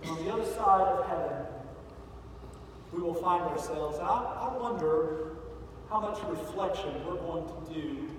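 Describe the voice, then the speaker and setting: A male pastor giving a sermon in a large church sanctuary, telling a story and building to loud, emphatic peaks. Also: fairly high pitch, measured pace, long pauses. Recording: echoey hall from far off, faint noise.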